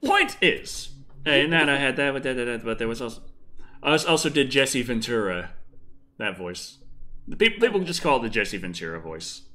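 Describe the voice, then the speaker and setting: A man's voice: medium pitch, very animated, normal speed, pushed and bright. A man hosting a casual podcast chat, rambling, swearing freely and breaking into put-on voices. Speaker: podcast host.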